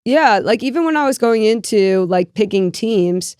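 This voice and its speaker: A woman in her thirties co-hosting a chat show, animated and thinking aloud with lots of "like" fillers. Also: a little high, normal speed, clear, resonant tone, no room sound, studio quality. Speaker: co-host. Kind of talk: casual chat.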